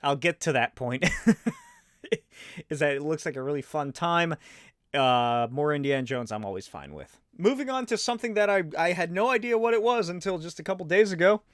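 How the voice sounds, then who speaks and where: A man's voice: a little high, big pitch swings, moderate pace, fairly bright tone, no room sound. Rambling, swearing man with a dry close sound. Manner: rambling, swears, laughs often. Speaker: podcast host. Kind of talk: casual solo chat.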